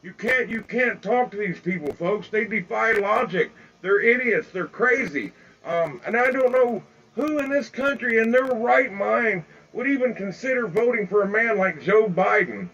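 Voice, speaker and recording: Older man, heated outdoor phone livestream; high, gravelly, forceful voice. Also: moderate pace, highs cut off. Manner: heated, repetitive, keeps calling out "folks". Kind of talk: angry live-video rant. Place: outdoors in bright sun.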